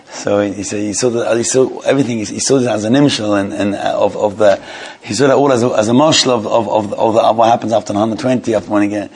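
Husky man teaching a religious class. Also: fairly low pitch, fairly even intonation, darkish tone. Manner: halting and repetitive, often restarts phrases; mixes Hebrew and Yiddish terms into English. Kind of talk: informal religious lesson.

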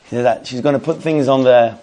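Fast-talking man telling a story to a Torah class. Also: medium pitch. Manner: rapid, animated, many restarts and repetitions. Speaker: Torah teacher.

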